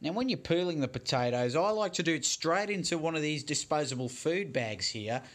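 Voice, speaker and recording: A man's voice: on the high side, animated, a little fast, fairly bright tone. A man plainly explaining a cooking step as host. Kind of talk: cooking instruction. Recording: roomy kitchen, far from mic, noisy.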